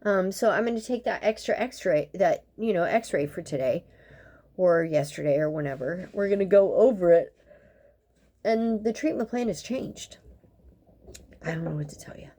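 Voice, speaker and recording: A woman in her fifties who works as a dental practitioner speaks at a moderate pace with a medium pitch and a dark tone. She vents in a blunt, profane, sarcastic monologue that rambles with exasperation.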